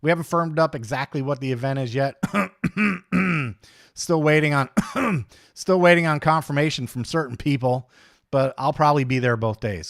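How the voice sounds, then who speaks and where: A man hosts a livestream in a loose, chatty way, blunt and joking as he rants between viewer comments. His voice sits at an everyday middle pitch. The sound is dry and close, with no room echo. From United States. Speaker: livestream host. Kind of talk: casual livestream chat reading comments.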